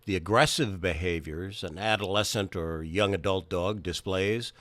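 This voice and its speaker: A man with a low voice reads a scripted introduction to a training video. His delivery is measured and explanatory. The recording is close and completely dry. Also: a bit bright, no room sound. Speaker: video producer and narrator. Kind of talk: scripted narration.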